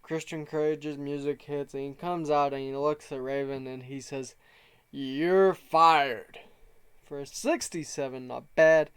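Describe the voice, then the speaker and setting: A man's voice: mid-range voice, flat delivery, normal speed, few pauses, clean tone. A man casually narrating his wrestling management game, reading out the promos and rating each segment. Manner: reads out promo quotes in a slightly raised voice, rates segments.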